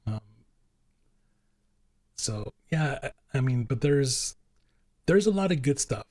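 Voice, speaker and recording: In studio-quality audio with no room sound, a podcast host rambles through casual chat, full of fillers and restarts. His medium-pitched voice is a little mellow with lively intonation, and he takes it slowly.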